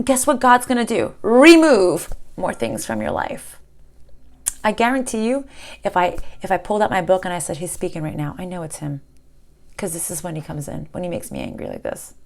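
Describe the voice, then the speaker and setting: A woman giving a spiritual tarot reading to camera, impassioned, swinging from loud outbursts to hushed near-whispers. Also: fairly high pitch. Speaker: tarot reader.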